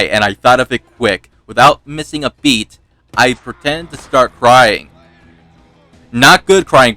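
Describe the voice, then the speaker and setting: Bright-voiced man chatting over gameplay. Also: mid-range voice, no echo. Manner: rambling storyteller who laughs and swears. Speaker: gaming YouTuber. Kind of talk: casual let's-play commentary.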